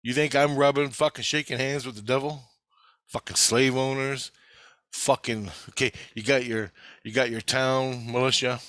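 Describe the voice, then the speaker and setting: Man vlogger, tense forceful voice, swears constantly, rambling storyteller, dry close sound. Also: mid-range voice, dry recording. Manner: profane, intense, rambling storytelling. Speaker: vlogger recounting past-life memories. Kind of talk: casual spoken monologue.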